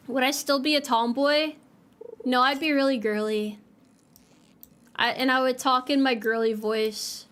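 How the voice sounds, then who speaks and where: This young VTuber streamer chats casually with viewers over a farming game, full of playful self-teasing. Her high-pitched, fairly bright voice stays steady at a measured pace, broken by long pauses.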